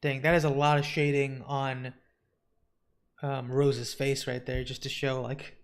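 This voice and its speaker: A man's voice: mid-range voice, flat delivery, measured pace, clear, resonant tone. A man reading a comic book aloud on a live stream, with casual asides. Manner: casual asides between narration.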